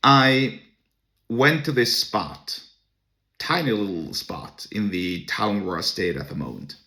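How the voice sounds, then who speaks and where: A man's voice: on the low side, animated, slow, bright, forceful tone. A man hosting a podcast, telling a personal story to camera in a blunt, crude and scornful way. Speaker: podcast host.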